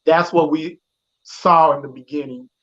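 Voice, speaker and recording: Host, casual interview, backs the guest with quick agreements, dull lo-fi sound. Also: mid-range voice, steady tone, a bit bright. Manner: supportive listener, frequent short agreements. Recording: dull lo-fi audio.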